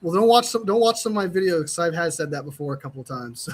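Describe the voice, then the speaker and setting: Laid-back man, slightly high voice. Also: expressive, fast talker. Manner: laid-back, chuckling, says "dude" often. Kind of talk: casual sports podcast chat.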